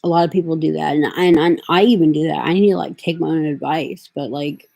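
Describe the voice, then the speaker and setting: Middle-aged woman rambling on her vlog, low husky voice, lots of fillers. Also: fairly even intonation, brisk, darkish tone, rough recording. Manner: rambling, drifting, full of fillers. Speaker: vlogger. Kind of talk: casual vlog talk.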